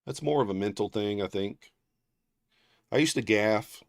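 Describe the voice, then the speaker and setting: A man hosting a trading livestream chats casually with viewers, rambling through stories with many fillers and restarts, reading viewer names aloud and thanking them. His voice is fairly low and gravelly at a measured pace. The studio sound is clean with no echo.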